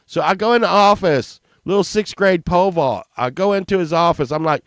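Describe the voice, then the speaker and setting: A middle-aged man telling a crude comic story in a rambling, animated way, with many fillers. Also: high-pitched, a little fast, no room sound, studio quality.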